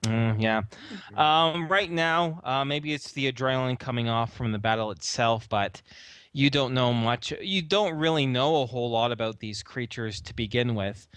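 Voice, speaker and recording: A man at a middle pitch narrating a tabletop game as its game master. His voice is smooth and clear, recorded dry and close. He talks in a relaxed way, with fillers and small laughs. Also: normal speed, dry recording.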